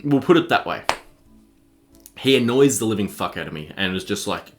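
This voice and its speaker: A man's voice: lowish voice, sing-song, normal speed, long pauses, faint music behind. A young man, ranting in an exasperated, profane film review. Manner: exasperated, profane, swears freely.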